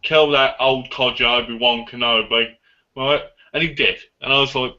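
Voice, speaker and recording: A man chatting as a guest on a live online stream, excitable and rambling. His voice is bright and forward, coming through a computer mic with dull, lo-fi call audio. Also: mid-range voice, normal speed. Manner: excitable, rambling movie talk. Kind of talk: casual live chat.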